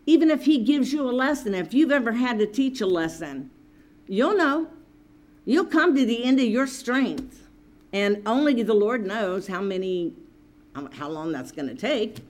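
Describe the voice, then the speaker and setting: A woman's voice: on the high side, big pitch swings, unhurried, a little mellow. A woman preaching a sermon, earnestly reading and explaining scripture to her listeners.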